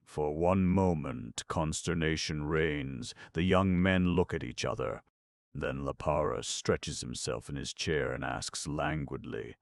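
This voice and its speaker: Very deep gravelly male narrator. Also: unhurried, no echo, studio quality. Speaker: audiobook narrator. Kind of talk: scripted narration.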